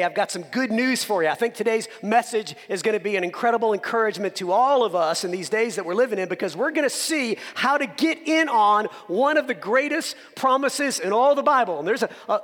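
A man's voice: sits high, a bit bright, in a large hall. A man preaching a sermon as pastor, earnestly stressing key words and asking rhetorical questions of the congregation. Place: church sanctuary.

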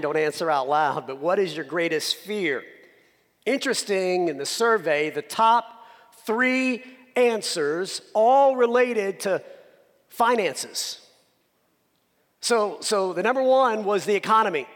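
A man's voice: sits high, unhurried, a bit bright, long reverb tail. A man preaching a sermon as pastor, earnestly stressing key words and asking rhetorical questions of the congregation. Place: church sanctuary.

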